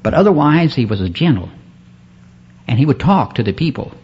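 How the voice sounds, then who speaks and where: Husky preacher man on old cassette. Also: mid-range voice, very animated, a little fast. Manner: rambling preaching with call-outs to the congregation. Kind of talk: sermon. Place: church service. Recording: dull lo-fi cassette recording.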